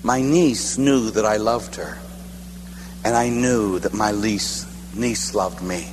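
A man who is a priest, from Pittsburgh, telling stories in a sermon in an animated, laughing way and acting out the voices. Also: on the low side, slow. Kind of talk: storytelling sermon. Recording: echoey hall with faint hum.

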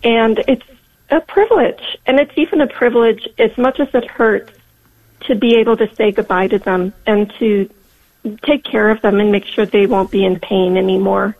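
A woman in her fifties calling in to a radio show, speaking softly and reflectively. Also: medium pitch, fairly even intonation, normal speed, creaky. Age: 50s. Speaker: caller. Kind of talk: call-in radio chat. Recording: tinny phone line.

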